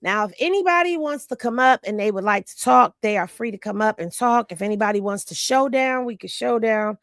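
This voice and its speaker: A woman hosts a casual livestream from home, talking straight to her viewers in a chatty, gossipy way. She sounds tired and has a fairly high voice with a gravelly edge of fry. The sound is close and dry, picked up by a phone or computer mic. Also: animated, a little fast, a bit bright, no room sound. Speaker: livestream host.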